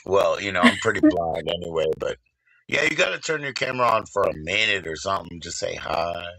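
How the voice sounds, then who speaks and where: Deep-voiced man rambling on a livestream. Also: very animated, brisk, vocal fry, a crowd in the background, poor audio. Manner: rambling, profane, laughs often. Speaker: livestream host. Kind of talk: casual livestream chat.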